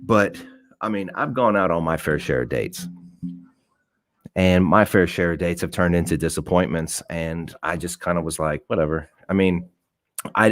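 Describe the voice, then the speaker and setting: A man's voice: deep voice, dry recording, clean studio sound. A young man hosting a live show, telling a profane dating story with acted-out quotes. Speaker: host. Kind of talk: casual storytelling to a live audience.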